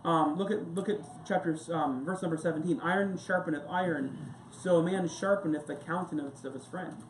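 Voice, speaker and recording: A man's voice: fairly high pitch, fairly quick, slight background noise. A male pastor giving a casual, rambling sermon full of anecdotes and asides. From United States. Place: church sanctuary. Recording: echoey church room with faint ambience.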